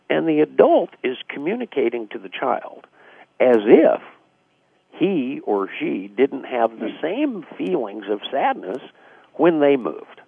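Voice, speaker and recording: A man with a low, gravelly, husky voice talks reflectively as a radio guest, piling on fillers. He comes through a tinny, dry phone line. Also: huge pitch swings, measured pace, no room sound. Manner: reflective, acts out quoted dialogue, frequent fillers. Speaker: guest author. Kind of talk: casual radio interview explanation.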